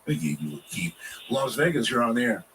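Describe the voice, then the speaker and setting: A man hosting a call-in radio show, moving through callers quickly and cutting them off curtly. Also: mid-range voice, big pitch swings, fairly bright tone, far from the mic, slight background noise, rough recording. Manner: brisk, curt call screening. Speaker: radio talk show host.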